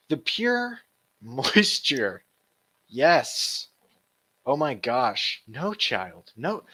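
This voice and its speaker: A man hosting a commentary show, retelling and mocking video clips in a casual, animated way. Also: mid-range voice, husky.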